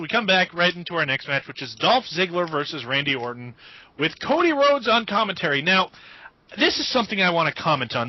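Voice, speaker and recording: A man co-hosting a podcast in casual chat, griping with animated exasperation. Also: on the high side, dry recording. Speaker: podcast co-host. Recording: dull, dry lo-fi audio.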